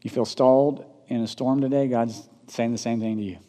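A man in a mid-range voice preaches a sermon. He rises to loud, emphatic bursts and then drops to soft, low asides, asking the congregation rhetorical questions. His voice rings out with the long reverb of a large hall. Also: steady tone, fairly quick. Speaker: pastor.

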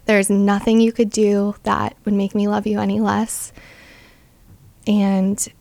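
A woman's voice: mid-range voice, flat delivery, slow, vocal fry, darkish tone, no echo. A young adult woman sharing a personal faith testimony as an interview guest, earnest and full of "like" fillers.

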